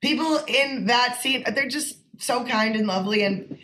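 A young woman, a songwriter guest, chatting in a casual interview, animated and swearing freely with lots of "like". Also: on the high side, normal speed.

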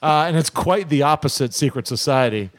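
A man hosting a radio show in casual chat, rambling and halting, laughing often. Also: a little high, expressive, dry recording.

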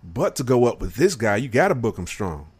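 A man's voice: medium pitch, big pitch swings, a little fast, a little mellow, husky. A young man co-hosting a casual podcast, laid-back and slangy, often exasperated. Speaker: podcast co-host. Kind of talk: casual wrestling podcast chat.

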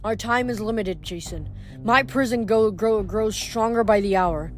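A woman voicing an imprisoned goddess who speaks in a hushed, stern, commanding tone. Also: mid-range voice, moderate pace, soft background music, lightly acted. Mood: ominous.

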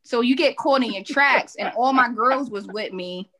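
A woman's voice: a little high, moderate pace, a crowd in the background. A woman co-hosting a podcast, telling a funny story with lots of laughter. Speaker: podcast co-host. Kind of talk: casual storytelling chat.

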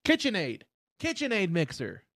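A man's voice: high-pitched, moderate pace, creaky, dry recording, studio quality. An American man hosting a podcast, joking crudely and animatedly with his co-host. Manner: profane, animated, jokey. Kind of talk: crude casual podcast banter.

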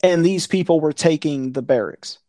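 A man's voice: a little high, normal speed, warm tone, no echo, clean studio sound. A man in casual conversation, blunt and profane, ranting with a conspiratorial tone. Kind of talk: casual chat.

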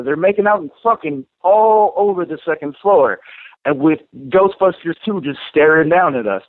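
A man co-hosting a podcast, telling a story in a casual, profane and animated way. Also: sits high, dry recording. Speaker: podcast co-host. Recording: tinny phone-like dry sound.

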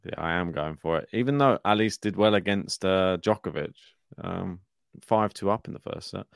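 A low-voiced man with a gravelly edge talks through tennis picks in a relaxed podcast chat. His tone is smooth and the sound is dry and close. He laughs often and thinks aloud as he goes. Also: normal speed, no echo. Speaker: podcast co-host. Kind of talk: casual tennis draw chat.

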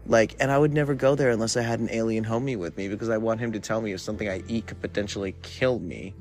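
A young man hosting a solo podcast, rambling in a laid-back way with lots of filler words while high. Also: steady tone, fast, darkish tone. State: high from smoking weed. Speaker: podcast host. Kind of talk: casual solo podcast monologue.

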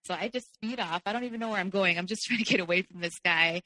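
A woman's voice: mid-range voice, quick pace, pushed and bright, big-room sound, low-quality recording. A woman guest telling her personal story candidly, peppering her speech with "like". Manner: candid, heavy use of "like". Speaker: podcast guest.

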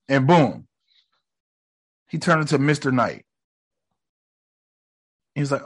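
An excitable man with a fairly high voice talks through a show scene by scene in casual reaction commentary. He swears freely, leans on slang and jumps in to act out characters' lines. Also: slow pace, pauses often. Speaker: reaction video host.

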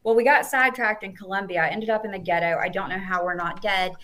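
A woman on a podcast, chatting casually and telling a story in animated bursts, quoting people in lively voices. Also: mid-range voice, quick pace. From United States. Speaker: podcast guest.

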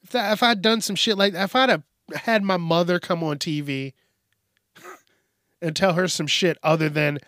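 A man's voice: sits high, moderate pace, a bit bright, no echo, clean studio sound. A man hosting a news commentary show, ranting in a profane, sarcastic, exasperated way while drinking beer. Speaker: host.

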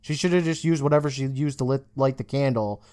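A man's voice: mid-range voice, a little fast. A man co-hosting a podcast, casually recapping a TV episode, swearing often and acting out the characters' lines. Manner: animated, swears often, acts out quoted lines. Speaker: podcast co-host.

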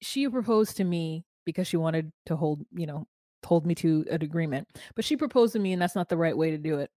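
A woman's voice: sits low, lively intonation, a little fast, warm tone, no echo, clean studio sound. A woman co-hosting a podcast, recapping a reality show in casual, joking chat. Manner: chatty, joking, sings silly made-up lyrics. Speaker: podcast co-host.

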